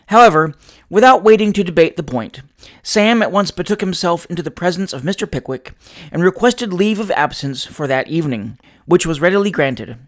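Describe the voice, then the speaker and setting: Man reading a classic novel aloud. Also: high voice. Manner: measured, expressive storytelling. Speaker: audiobook narrator.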